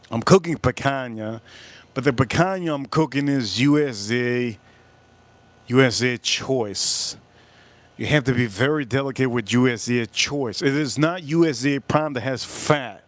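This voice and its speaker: A man's voice: fairly high pitch, moderate pace, no echo. A man hosting a casual live stream while cooking at a grill, talking bluntly and swearing as he gets frustrated. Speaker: livestream host cooking and drinking.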